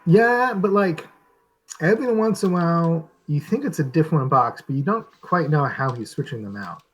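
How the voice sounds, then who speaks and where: A man's voice: fairly high pitch, lively intonation, normal speed, slightly rough. A man running a tabletop game as game master, narrating scenes with frequent hesitations and fillers. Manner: hesitant, lots of ums.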